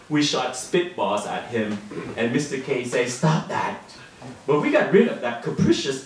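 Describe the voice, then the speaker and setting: A man reading his own short story aloud to an audience, in a boy narrator's voice, with livelier, higher quoted lines. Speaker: author reading his fiction. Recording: roomy and distant, heard from across the room.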